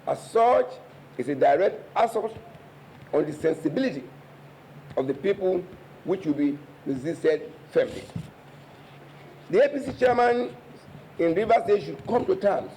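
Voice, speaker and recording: A man's voice: high-pitched, lively intonation, normal speed, pauses often, mellow, slight background noise, rough recording. Combative man reading a statement. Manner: declamatory, combative. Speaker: party spokesman. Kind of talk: press statement.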